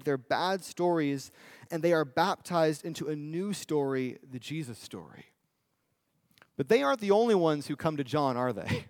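A male preacher giving a sermon in a conversational style, often asking the audience "right?" and slowing down for emphasis. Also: on the high side, darkish tone, dry recording, clean studio sound. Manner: conversational, with tag questions and emphatic slowdowns.

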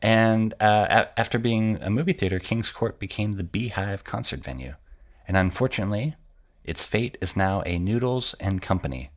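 A man's voice: on the low side, normal speed. A man co-hosting a podcast, explaining local film history in a conversational, scripted way. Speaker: podcast co-host. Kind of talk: scripted co-hosted narration.

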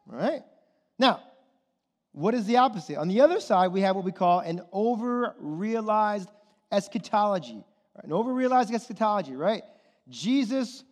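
A man's voice: high voice, darkish tone. A man preaching a sermon as pastor, asking the congregation question after question and checking in with "okay?" and "right?". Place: church hall. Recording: long hall reverb.

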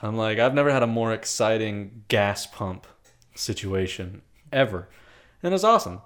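A man's voice: fairly low pitch, animated, normal speed, fairly bright tone. A young man in casual podcast chat, telling profane, crude stories and laughing at his own jokes.

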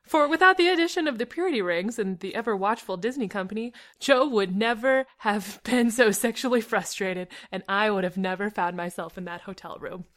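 A woman's voice: mid-range voice, brisk, hardly any pauses, a bit bright. A woman co-hosting a comedy podcast, reading a story aloud in a dry tone and cracking up at the text. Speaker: podcast co-host reading fan fiction.

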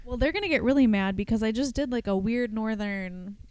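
A woman's voice: a little high, fairly quick, a little mellow. A woman co-hosting a podcast in casual chat, chattily retelling film plots in detail. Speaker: podcast co-host.

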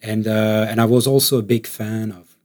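A man's voice: lowish voice, normal speed. Give me a man chatting in an interview. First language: French. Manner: relaxed, laughs often, many fillers and restarts. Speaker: actor, interview guest. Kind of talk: casual interview chat.

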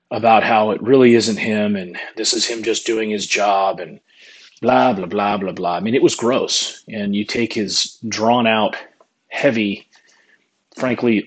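Husky man ranting with scorn. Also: lowish voice, a bit bright, poor audio. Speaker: political commentator. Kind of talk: opinion monologue.

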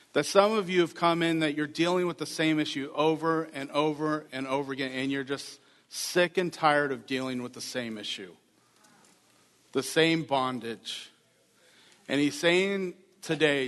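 A man's voice: a little high, a bit bright. Man preaching in an echoing church. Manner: earnest, conversational preaching with repeated phrases. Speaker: pastor. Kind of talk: sermon. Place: church sanctuary. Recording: reverberant church hall.

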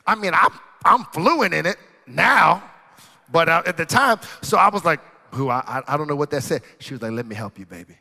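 Guy preaching a sermon, kinda high voice, goes loud then real quiet, big echoey church hall. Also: normal speed, gravelly. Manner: animated, swings from loud bursts to hushed tones. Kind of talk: sermon storytelling. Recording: long reverb in a large hall.

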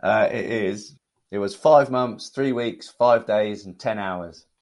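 A British man, a podcast guest, telling his stories in a relaxed, chatty way with plenty of fillers. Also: lowish voice, takes it slowly. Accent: British English. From United Kingdom. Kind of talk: casual conversational storytelling.

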